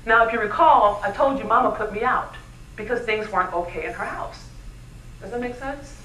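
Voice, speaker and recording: Bright, high-voiced woman speaker in a hall. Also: brisk. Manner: animated, keeps asking the audience questions. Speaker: keynote speaker. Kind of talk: motivational speech. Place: luncheon event hall. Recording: echoey hall, mic from far off.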